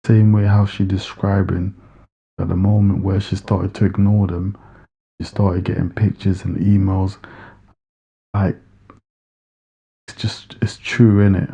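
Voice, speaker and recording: A man's voice: low voice, mellow, slightly rough, muffled recording. A man giving earnest, insistent commentary as he reacts to a video clip. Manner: earnest, insistent, repeats for emphasis.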